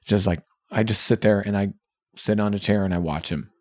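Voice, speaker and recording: A man's voice: on the low side, steady tone, brisk, a little mellow, no echo, clean studio sound. A man co-hosting a podcast, talking in an earnest, reflective and chatty way with lots of fillers. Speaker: podcast co-host. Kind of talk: candid podcast conversation.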